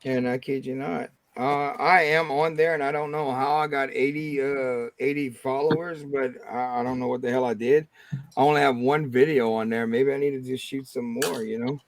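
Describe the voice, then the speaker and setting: A man's voice: mid-range voice, fairly even intonation, normal speed. Rambling joking Cajun man on a livestream. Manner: rambling, joking, crude humor. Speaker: livestream host. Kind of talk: casual livestream chat.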